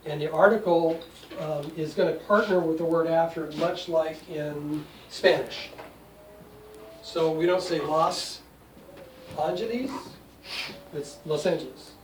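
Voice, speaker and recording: Older man in his 60s, patient teacher with dry jokes; fairly high voice, echoey room, mic far away. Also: steady tone, unhurried. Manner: patient, explanatory, wry asides. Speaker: Greek teacher. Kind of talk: classroom lesson. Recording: echoey room, distant mic, faint noise.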